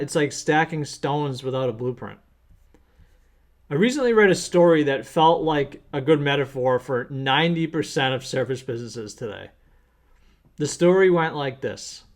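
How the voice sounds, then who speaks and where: A man who works as an accountant, teaching small business owners through an earnest, plain-spoken story. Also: fairly high pitch. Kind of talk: storytelling lesson.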